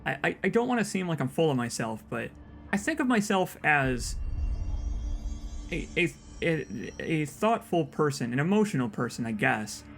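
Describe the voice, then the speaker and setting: A man's voice: fairly high pitch, big pitch swings, moderate pace, gravelly, a bit bright. Rambling young man over faint game music. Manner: rambling, self-interrupting with repeated words. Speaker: let's play host. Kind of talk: casual let's play commentary.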